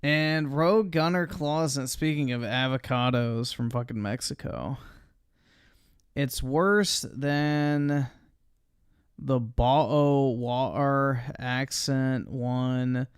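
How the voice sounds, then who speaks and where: A man's voice: mid-range voice, drawn-out words, clear, resonant tone, no room sound, studio quality. A man hosting a livestream, reacting to chat in a crude, offhand way. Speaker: livestream host. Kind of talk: casual streamer commentary.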